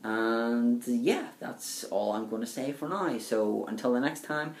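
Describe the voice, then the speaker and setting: Gravelly young man, rambling review. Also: medium pitch, measured pace. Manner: rambling, many ums and uhs. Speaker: wrestling video reviewer. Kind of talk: casual video review. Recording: echoey room, faint background hiss.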